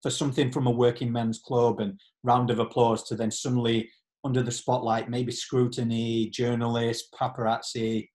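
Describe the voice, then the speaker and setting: Interviewer, mid-pitched voice, soft and encouraging, conversational questions. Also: little pitch movement, moderate pace.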